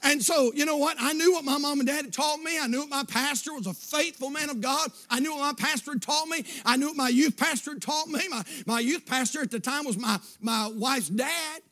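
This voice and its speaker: A man in his fifties preaching a sermon, moving between shouted declarations and quiet, hushed storytelling. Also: very high voice, fairly quick, hardly any pauses. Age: 50s.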